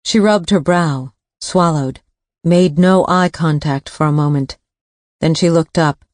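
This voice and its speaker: A woman reading a thriller audiobook in a measured, even way. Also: low-pitched, no echo, clean studio sound. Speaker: audiobook narrator. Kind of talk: scripted narration.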